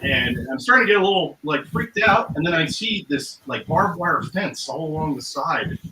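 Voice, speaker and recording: A man's voice: on the high side, lively intonation, moderate pace. A man, a musician guest, telling a story casually in a rambling way, with many fillers and acted-out quotes. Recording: roomy, noisy recording.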